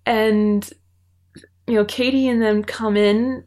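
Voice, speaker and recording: A woman co-hosting a podcast, recapping a TV episode in an animated, exclaiming way. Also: a little high, slow. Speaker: podcast co-host. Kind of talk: casual chat recapping a TV episode.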